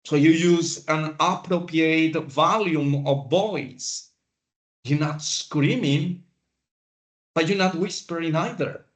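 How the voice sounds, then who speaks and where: Slow-talking male instructor. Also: a little high. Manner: slow, deliberate, with pauses. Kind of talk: classroom lecture.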